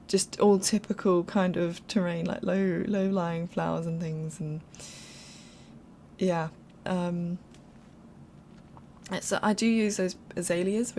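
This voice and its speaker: A young woman talks through a game build in loose, unscripted voiceover. Her voice sits on the low side with a gravelly fry, and she rambles, apologizes and laughs her way through. A faint hum sits under her voice. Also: darkish tone. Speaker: game speed-build creator. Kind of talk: casual voiceover commentary.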